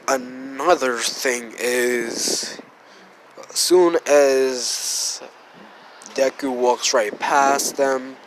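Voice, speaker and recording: A man's voice: medium pitch, a bit bright, rough recording. A man with a sick voice casually narrating a fan story, rambling and correcting himself. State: sick, rough voice. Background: faint background noise.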